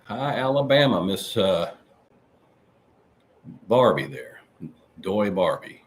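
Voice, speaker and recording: A man hosting a live-stream podcast, chatting casually and rambling as he reads out viewer comments. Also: slow. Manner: chatty, rambling, animated swings in pitch. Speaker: livestream podcast host.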